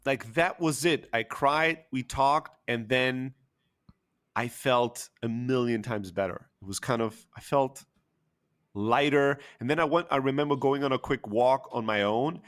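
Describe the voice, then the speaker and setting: A man's voice: mid-range voice, a little slow, a bit bright. Man, open and emotional, casual storyteller with fillers. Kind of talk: candid personal storytelling.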